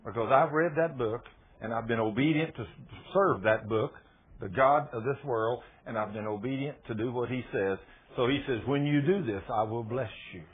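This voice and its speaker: Folksy preacher over a tinny line. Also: male voice, medium pitch, moderate pace, breathy edge. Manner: folksy, emphatic, repeats phrases and rises to loud peaks. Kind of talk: sermon.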